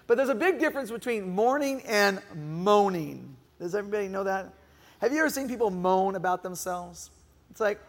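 A man's voice: high-pitched, animated, normal speed. A middle-aged male pastor preaching a sermon, asking the congregation questions and now and then acting out a whiny moaning voice. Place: church hall. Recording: reverberant hall.

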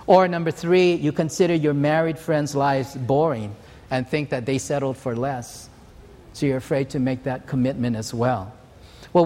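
An older man from Hawaii preaches, his voice sitting a little high for a man. He talks in an earnest, measured way, moving through stories and scripture. The sound carries a long, ringing reverb from a big hall. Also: darkish tone. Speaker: pastor. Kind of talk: sermon.

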